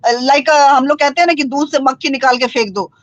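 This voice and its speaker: A woman speaking as a panelist in a political debate over a remote call, halting and repeating words, slipping into Hindi. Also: sits high, no room sound, dull audio. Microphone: remote call with a poor network.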